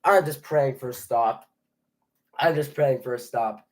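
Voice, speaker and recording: A young man giving a live play-by-play reaction as a fan, nervous and excitable, often stumbling and restarting his sentences. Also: mid-range voice, a little slow.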